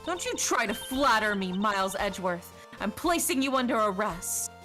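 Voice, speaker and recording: A woman's voice: medium pitch, lively intonation, moderate pace, bright, forceful tone, faint music behind, pitched above the performer's own voice. A woman voicing a haughty young female prosecutor while reading game dialogue aloud, with an imperious, scornful manner.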